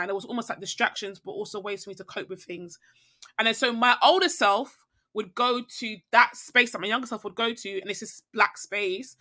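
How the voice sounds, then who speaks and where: A woman's voice: mid-range voice, sharp tone. A young woman who is a podcast guest, talking reflectively and rambling, often checking in with the listener. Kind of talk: reflective casual conversation.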